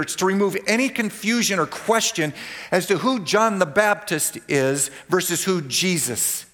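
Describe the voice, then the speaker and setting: A man preaching a sermon as pastor, emphatic, repeating key phrases and slowing down to stress points. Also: high voice, pushed and bright, long reverb tail. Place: church sanctuary.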